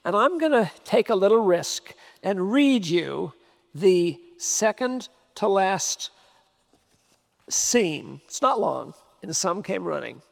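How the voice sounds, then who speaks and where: A man's voice: high-pitched, sing-song, slow, creaky. A man preaching a sermon, emphatic, repeating key phrases for stress. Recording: long hall reverb.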